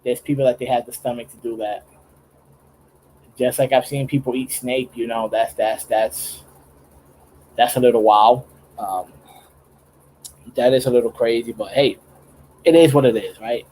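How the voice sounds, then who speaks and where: A young streamer speaks in a mellow, medium-pitched, steady voice at a measured pace with long pauses; the low-quality recording has slight background noise. Late at night in his home studio, he chats casually on a livestream while drawing, laughing a lot, rambling with frequent restarts, and using slang.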